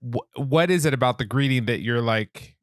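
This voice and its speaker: A man co-hosting a movie podcast, chatting casually in an animated way and laughing easily. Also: mid-range voice, moderate pace, no room sound, clean studio sound. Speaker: podcast co-host. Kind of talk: casual chat.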